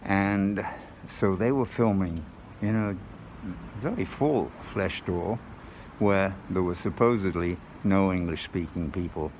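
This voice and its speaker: A man casually recounting the night in a relaxed, matter-of-fact way. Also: sits low, slow pace, slight background noise. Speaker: narrator recalling the show. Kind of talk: casual spoken recollection.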